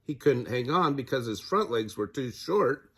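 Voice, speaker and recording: An older man reads a children's picture book aloud as a grandfather, gentle and storytelling. His voice is husky, sitting in an ordinary middle pitch. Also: lively intonation, normal speed. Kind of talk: children's read-aloud narration.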